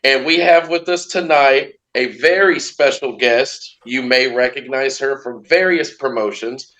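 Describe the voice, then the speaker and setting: A man's voice: mid-range voice, a little slow, fairly bright tone, rough recording. A man hosting a wrestling podcast, welcoming listeners and introducing a guest in an upbeat way. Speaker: podcast host.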